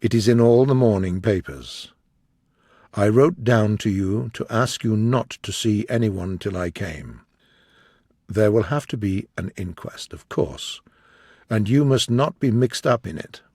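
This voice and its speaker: A man reading an audiobook voices Lord Henry, a worldly gentleman, in a low, measured, grave tone. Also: no room sound, studio quality.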